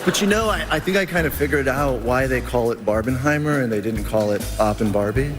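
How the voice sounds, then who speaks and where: A man's voice: medium pitch, brisk, over music. A man trading dry, mock-offended comic banter during an awards-show bit.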